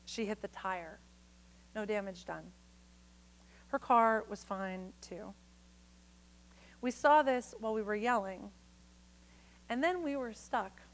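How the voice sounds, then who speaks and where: A woman reads her poems from a conference stage into a microphone. She is frank and salty, and she breaks off for playful asides to the audience. Her pitch sits in the middle of the usual range. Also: slow pace, long pauses, low-quality recording. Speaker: poet giving a reading. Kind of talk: poetry reading with spoken asides.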